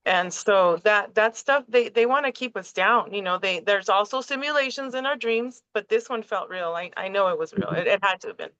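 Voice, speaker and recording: Host, woman; excitable, swearing, rambling; lo-fi call sound. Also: medium pitch, a little fast, few pauses, smooth, no room sound. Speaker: podcast host. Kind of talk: casual conspiracy chat. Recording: dull lo-fi call audio.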